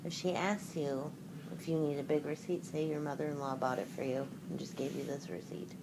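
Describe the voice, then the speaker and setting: A woman's voice: low-pitched, fairly even intonation, brisk. Dry-witted woman, noisy recording. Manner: dry, teasing. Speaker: podcast co-host. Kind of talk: casual chat. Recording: loud background noise.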